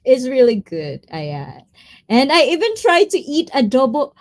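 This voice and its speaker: A woman from the Philippines, chatting casually on a live stream, greeting viewers by name and easily getting excited and giggly. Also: high-pitched, normal speed. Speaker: livestreamer reading chat.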